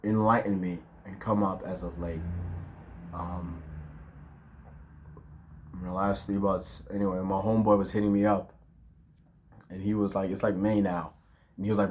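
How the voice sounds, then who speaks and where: Young man, twenty, low-pitched, slangy rambling, reflective, faint background noise. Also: steady tone, fast talker. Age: 20s. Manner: reflective, with lots of fillers and slang. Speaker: vlogger. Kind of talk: casual rambling monologue. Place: outdoors at dusk.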